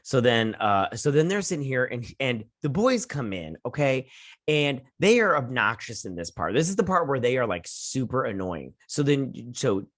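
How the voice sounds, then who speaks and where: A man's voice: mid-range voice, big pitch swings, moderate pace, no room sound, studio quality. A man hosting a TV review, recapping an episode in a chatty, sassy way, retelling scenes with lots of "she's like.". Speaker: TV review host.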